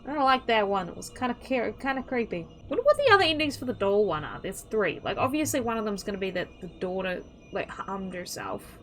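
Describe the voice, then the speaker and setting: A woman's voice: mid-range voice, low-quality recording. Chatty young woman reading horror aloud. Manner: chatty and reactive, breaks into startled outbursts. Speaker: gaming YouTuber. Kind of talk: reading an interactive horror story aloud with commentary.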